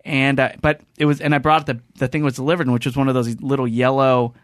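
Fast-talking animated man, dry studio mic. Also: medium pitch, no room sound. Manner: animated storyteller, acts out quotes. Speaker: podcast host. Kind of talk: casual chat. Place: podcast studio.

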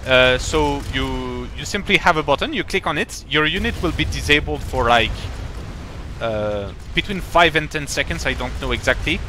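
A man's voice: a little high, expressive, normal speed, bright, forceful tone, a little hiss or hum. A man commentating a strategy game live, explaining in a rambling, playful way with many fillers and restarts. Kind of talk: casual live-stream commentary.

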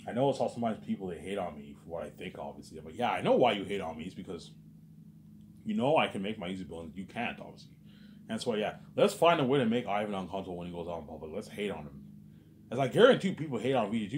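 A man's voice: deep voice, lively intonation, quick pace, a little hiss or hum. A man delivering a rambling, agitated vlog monologue, repeating "obviously" and "man" and swearing often. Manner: repetitive, peppers speech with "obviously" and "man". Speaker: vlogger.

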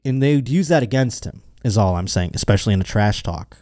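A man's voice: on the low side, animated, fast talker, mellow, dry recording, clean studio sound. Crude, rambling male podcast host. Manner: crude, rambling, mocking put-on quotes. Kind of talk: casual comedic podcast banter.

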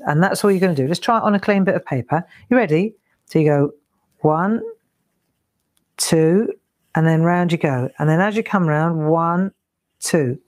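A woman's voice: fairly low pitch, a little mellow. A woman leading a live craft demonstration, chatting and counting strokes aloud as she draws. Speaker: craft tutor. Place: home craft studio.

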